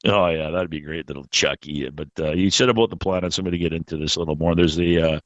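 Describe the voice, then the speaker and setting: A man hosting a podcast in casual chat, rambling and halting, swearing freely. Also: deep voice, steady tone, dry recording, muffled recording. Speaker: podcast host.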